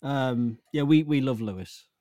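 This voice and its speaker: A man's voice: medium pitch, measured pace, mellow, dry recording, clean studio sound. A man with a Lincolnshire accent hosting a casual chat, easygoing and hesitant. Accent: Lincolnshire English. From Lincoln, England. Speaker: host.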